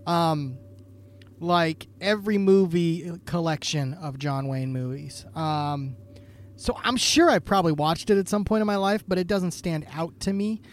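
A tipsy man co-hosts a podcast in loose chat, hesitant and quick to run himself down. His voice is markedly high for a man. He fills pauses with ums. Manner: self-deprecating, hesitant with many ums. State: tipsy from drinking. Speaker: podcast co-host. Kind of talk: casual chat.

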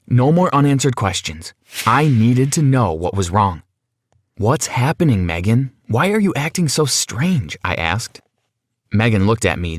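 Husky young man narrating dramatically. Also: mid-range voice, no echo. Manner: dramatic, self-questioning. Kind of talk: first-person story narration.

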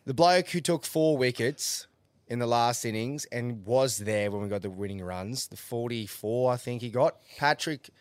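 Co-host, mid-pitched, blunt and emphatic, dry booth sound. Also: male voice, normal speed, dry recording. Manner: emphatic, sweary. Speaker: podcast co-host. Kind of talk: casual sports banter.

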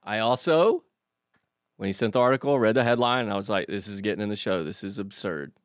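A man's voice: lowish voice, fast, no room sound, clean studio sound. A man co-hosting a casual comedy podcast, trading crude, self-mocking banter. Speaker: podcast co-host.

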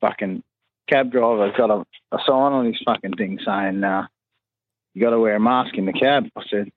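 A man with a crude, sweary way of telling a story, doing quick voices for the people in it. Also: on the low side, narrow, tinny audio, a little hiss or hum.

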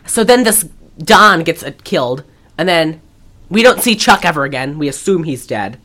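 A woman's voice: low-pitched, moderate pace. A woman co-hosting a podcast, recapping a movie in casual chat and acting out the characters' lines as she goes. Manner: animated, acts out quoted lines while recapping. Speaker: podcast co-host.

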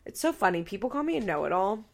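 A woman in her thirties hosts a recap podcast with a heavily gravelly, fry-laden voice. She sounds tearful yet blunt, swearing freely and doubling back on her own sentences. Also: mid-range voice, very animated, fast talker. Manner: blunt and profane, rambling with self-corrections. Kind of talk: candid casual chat.

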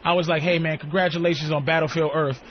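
A man's voice: a little high, flat delivery, quick pace. A man co-hosting a radio talk show, telling crude, profane stories and acting out other people's lines. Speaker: co-host and comedian. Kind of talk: profane storytelling with voices. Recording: dull radio-show audio with faint hiss.

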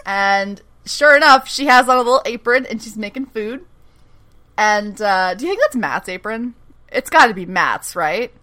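A woman with a slightly high, bright, forceful voice speaks animatedly at a normal speed. Co-hosting a podcast, she casually recaps a TV episode, acting out the characters' lines and laughing often.

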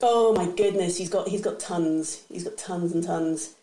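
A woman in her thirties, a comedian, telling lively family anecdotes in casual chat, breaking into quick voice impressions. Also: lowish voice, reverberant, rough recording. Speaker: guest comedian.

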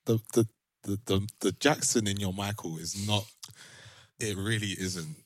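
A man's voice: fairly low pitch, a little slow, no echo. A man with a London accent co-hosting a podcast, teasing in casual banter and laughing often. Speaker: podcast co-host.

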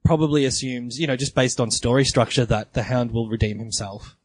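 A man's voice: medium pitch, a little fast, no room sound. A man co-hosting a casual podcast chat, talking hesitantly with many fillers and restarts. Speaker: podcast co-host.

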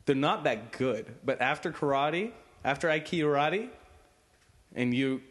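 A man co-hosting a comedy podcast, improvising absurd bits in a deadpan, casual way with some swearing. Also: on the high side, unhurried. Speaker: podcast co-host.

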